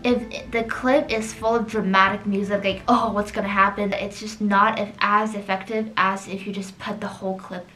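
An art vlogger chats casually about a film while drawing, dropping "like" into nearly every sentence. Her medium-pitched voice barely varies, moves at a moderate pace with hardly any pauses, and the audio is poor, with soft music in the background.

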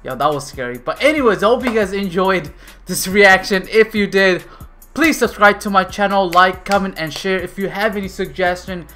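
A man's voice: sits high, moderate pace, faint music behind. A young man hosting a reaction video, talking casually and exclaiming at what he watches. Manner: excitable, exclaims and swears at clips.

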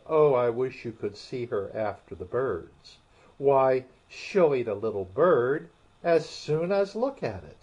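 A man voicing an eager, polite young girl in a storybook audiobook, raising his pitch. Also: a little mellow, husky, exaggerated voice. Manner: earnest, pleading. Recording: muffled, dull audio.

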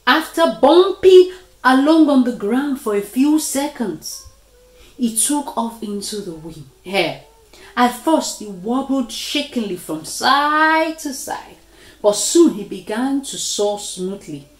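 A woman reading a children's story aloud in a slow, expressive way. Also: on the high side. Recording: echoey room.

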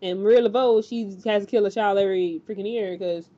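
A woman casually recapping a TV episode, talking in an animated, chatty way with lots of fillers and acted-out quotes. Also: mid-range voice, fast, muffled recording. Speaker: TV recap host.

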